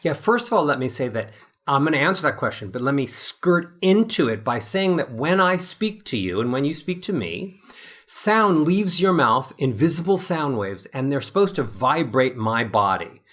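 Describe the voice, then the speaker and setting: Male voice coach, 50s, lively explainer who demonstrates voices, average pitch. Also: normal speed. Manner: animated, acts out examples in different voices. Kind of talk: interview guest explaining.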